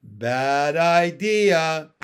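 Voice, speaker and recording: Defiant young frog, loud slow clipped broken talk, storybook, a man doing it. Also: high-pitched, lively intonation. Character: stubborn young male frog, proud and defiant.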